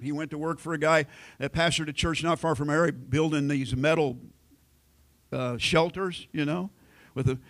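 A middle-aged American pastor preaching a sermon in a folksy storytelling way, acting out family conversations. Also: male voice, a little high, a bit bright. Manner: folksy storytelling, acts out quoted family lines.

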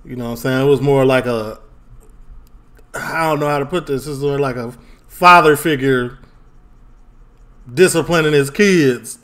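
A man's voice: mid-range voice, normal speed, pauses often, a bit bright. A man from Chicago chatting casually as a reaction host, often searching for the right words. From Chicago, United States. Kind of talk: casual chat.

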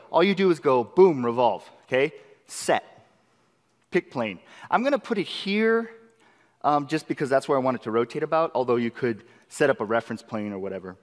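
A man presenting a live software demo class at a conference, excitable and eager, constantly tossing rhetorical questions at the audience. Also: mid-range voice. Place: large conference session room. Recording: long reverb of a conference hall.

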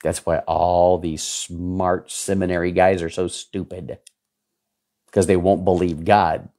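A man in his fifties preaching a sermon, emphatic and repetitive, his voice jumping suddenly in pitch to stress a point. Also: level tone, a little slow, a little mellow. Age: 50s.

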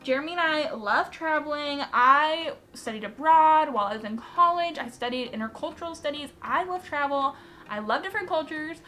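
A woman's voice: high-pitched, a bit bright. A young woman chatting casually in a vlog, bubbly and gushing, often giggling. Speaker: vlogger.

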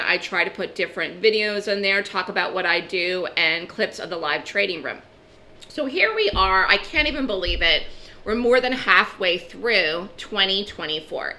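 A woman giving a trading webinar over a video call, her voice crackly and half gone, brisk and asking questions she answers herself. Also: medium pitch, pushed and bright. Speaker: trading educator and market commentator. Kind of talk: webinar lecture.

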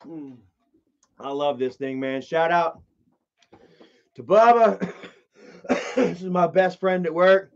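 Young male streamer with a high voice, casual and rambling, swears freely; dull lo-fi audio. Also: slow, pauses often. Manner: rambling storyteller, swears freely, shouts when acting out a scene. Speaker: live stream host. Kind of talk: casual live stream chat, reading comments.

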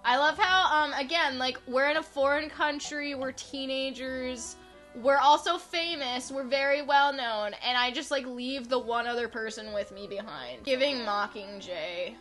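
Bright, sarcastic young woman gamer. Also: high voice, measured pace, faint music behind. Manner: chatty, sarcastic, lots of "like". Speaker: gaming YouTuber. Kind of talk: casual gameplay commentary.

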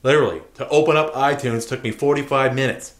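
A man's voice: medium pitch, fast, roomy sound. A man telling an aggrieved, profane story in an angry vlog rant.

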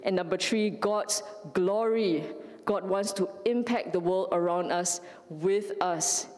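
A woman's voice: mid-range voice, slow, a little mellow, big-room sound. A woman from Singapore preaching a sermon, telling a story with frequent "right?" and "you know" asides. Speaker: lay preacher. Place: church sanctuary.

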